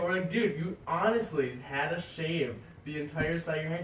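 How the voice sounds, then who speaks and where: A man's voice: a little high, quick pace, hardly any pauses. A young man co-hosting a casual podcast, telling a rambling story and acting out the voices of the people in it. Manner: rambling, animated, acts out quoted voices. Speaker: podcast co-host. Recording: echoey room, far from mic, faint noise.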